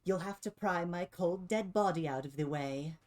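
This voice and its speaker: A woman's voice: on the low side, moderate pace, darkish tone, distant mic, close to an everyday voice. A woman voicing a sly, teasing winged young female foe in a tabletop game. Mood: defiant. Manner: teasing, mock-polite.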